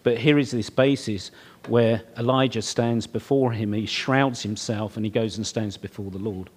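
A man's voice: lowish voice, steady tone, moderate pace, a little mellow, husky. A middle-aged man preaching, telling his own story in an earnest, conversational way. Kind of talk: sermon testimony.

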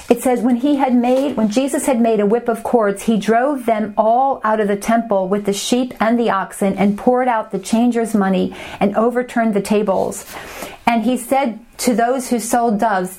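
A woman's voice: a little high, fairly even intonation, moderate pace, dark tone. A young adult woman teaching a Bible study, reading scripture passages aloud and then explaining them in a conversational way.

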